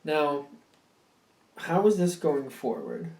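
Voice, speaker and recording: A man's voice: fairly high pitch, expressive, slow pace, a little mellow, far from the mic. A man giving a casual tarot reading, musing and rambling with many fillers and restatements. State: yawning, a bit drowsy. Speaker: tarot reader. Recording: roomy sound from off the mic.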